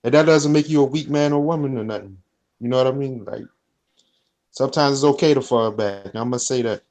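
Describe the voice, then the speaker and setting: A man with a mid-pitched voice talks casually, backing up his partner with quick agreement. He then muses at length and keeps asking if he is understood. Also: a little mellow. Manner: affirming, reflective, says "you know what I mean". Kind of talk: casual chat.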